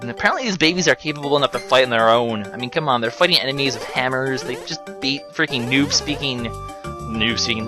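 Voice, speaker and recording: This young man narrates a game playthrough with a bright, forceful, mid-range voice, and game music plays underneath. As a let's play commentator, he's casual and sarcastic, full of mockery and jokey side remarks.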